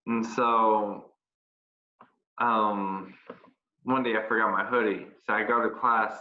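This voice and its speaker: A young man telling embarrassing stories in a candid, rambling, self-mocking way during a casual chat. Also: on the low side. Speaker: co-host. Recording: lo-fi, echoey room.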